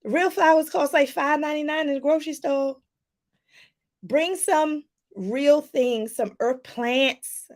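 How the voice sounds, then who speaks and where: A woman life coach talking casually to her viewers in a live stream, chatty and lively, laughing often and calling them "y'all". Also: slow pace. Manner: lively, pitch jumps up for emphasis.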